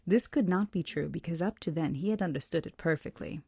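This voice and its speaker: Woman reading a novel aloud, hushed. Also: on the low side, gravelly, breathy edge, no echo, clean studio sound. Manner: slow, deliberate, dips into whispers. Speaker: book club host reading aloud.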